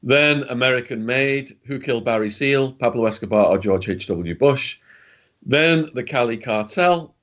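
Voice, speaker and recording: A man's voice: medium pitch, moderate pace, fairly bright tone, dull audio. A British man telling stories as an interview guest, in a blunt, chatty way with slang and the odd swear word. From Britain. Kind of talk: casual storytelling in an interview.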